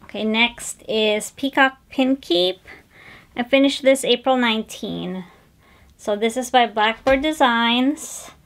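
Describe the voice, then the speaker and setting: Slow-talking, chatty female stitching vlogger. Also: on the high side, lively intonation, fairly bright tone. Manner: chatty and digressive, with frequent fillers and self-corrections. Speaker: flosstube host showing cross-stitch finishes. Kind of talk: casual show-and-tell chat.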